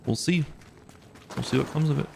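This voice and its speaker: A man's voice: a little high, a little fast, gravelly, slight background noise. A man streaming a game, commenting casually in a laid-back, slangy way.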